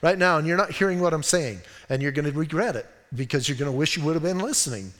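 A man's voice: on the high side, lively intonation, fast talker, a bit bright. A man preaching a sermon as pastor in an emphatic, conversational way, often urging the listeners to listen and acting out little scenes. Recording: long hall reverb.

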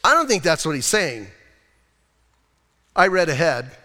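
A man preaching a sermon as pastor, casual and lively, asking the congregation questions as he goes. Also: a little high, measured pace, big-room sound. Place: church.

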